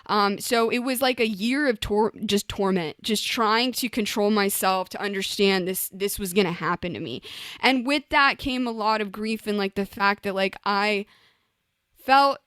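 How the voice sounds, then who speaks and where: Young woman, recording artist guest; candid, emotional storyteller, chatty fillers, smooth tone, dry close sound. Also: medium pitch, moderate pace, a bit bright, no echo. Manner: emotional, frequent "like" and "you know", restarts, acts out her own past words.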